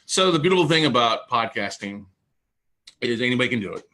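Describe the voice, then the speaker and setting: A man hosting a podcast talks casually with a bright, forward tone. He rambles, restarts his sentences and stretches out long metaphors as he explains. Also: medium pitch, animated, fairly quick. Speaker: podcast host.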